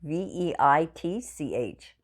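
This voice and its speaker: Low-voiced woman, 60s, home vlogger; tired, yawning, rambling chatty delivery. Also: expressive, takes it slowly. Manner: rambling, chatty storytelling with many fillers. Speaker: craft channel vlogger. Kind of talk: casual chat to viewers. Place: home craft room.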